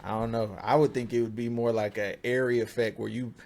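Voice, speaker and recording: A man's voice: medium pitch, level tone, a little fast, a little mellow. A man co-hosting an anime podcast, talking in a laid-back, rambling way. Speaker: podcast co-host. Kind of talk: casual chat.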